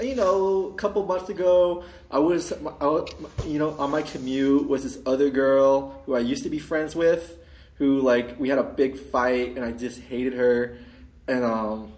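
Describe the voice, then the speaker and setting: A man telling a long story in casual chat, rambling with many restarts and putting on high voices for the people he quotes. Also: a little mellow. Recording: roomy echo.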